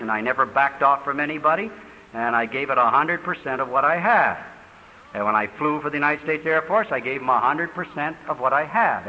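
An older man preaching in a question-and-answer session at a church, talking quickly with fervent emphasis. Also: mid-range voice, sharp tone. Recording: reverberant hall, faint hiss.

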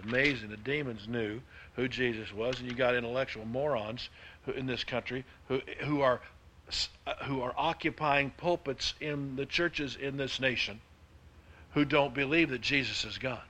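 A man preaching a sermon, with emphatic delivery that swings between hushed and loud. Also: medium pitch, steady tone, moderate pace. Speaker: pastor.

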